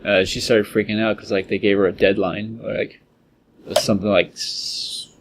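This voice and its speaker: A young man with a fairly low voice co-hosts a podcast in loose, casual chat. He rambles through a retelling, leaning on "like" and "uh" as he goes, with a faint hiss under the recording. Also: little pitch movement, normal speed. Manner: rambling retelling, heavy use of "like" and "uh". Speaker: podcast co-host.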